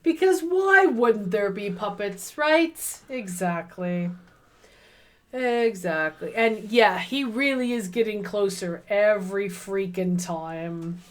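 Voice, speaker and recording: A woman talks through a horror game on a livestream in a relaxed, unhurried way. Her pitch sits in the middle, and she muses aloud and reacts as the story unfolds. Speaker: streamer playing a horror visual novel. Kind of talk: casual let's-play chat.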